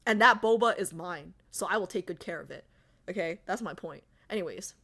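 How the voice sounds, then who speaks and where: A woman's voice: lowish voice, lively intonation, brisk, fairly bright tone. A woman streamer in casual livestream chat, chatty and giggly, reading viewer comments aloud.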